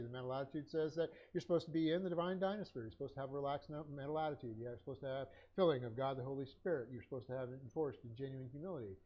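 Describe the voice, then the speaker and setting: A man's voice: mid-range voice, dull audio. A man teaching a Bible class, dictating notes with punctuation and many hesitant fillers.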